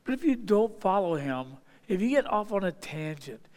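Emphatic pastor in a reverberant hall. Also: male voice, high-pitched, big pitch swings, normal speed. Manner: emphatic, repeats phrases for stress, swings from loud to hushed. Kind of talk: sermon.

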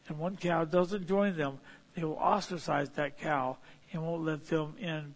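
A man preaching a folksy, illustrative sermon, rising to sudden emphatic points. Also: on the high side.

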